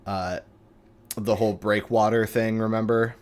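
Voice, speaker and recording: Slow, low-voiced game master man. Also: flat delivery, clear, resonant tone. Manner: unhurried, rambling with fillers. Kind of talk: narrating a tabletop game.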